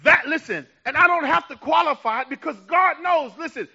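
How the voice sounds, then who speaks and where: In a brisk, gravelly yet very high and bright voice, a male pastor preaches fervently, moving from quiet asides to loud, passionate shouting. The sermon's audio sounds muffled and low-fidelity.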